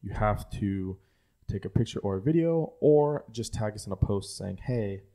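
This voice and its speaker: Easygoing young male co-host, warm low tone, jokey and profane. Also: expressive, normal speed. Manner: laid-back, laughing, profane. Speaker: podcast co-host. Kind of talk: casual chat.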